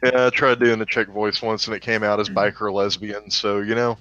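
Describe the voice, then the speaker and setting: A man's voice: lowish voice, level tone, normal speed, pushed and bright, lo-fi sound. A man co-hosting a casual chat, blunt and profane with a dry, sarcastic wit. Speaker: co-host.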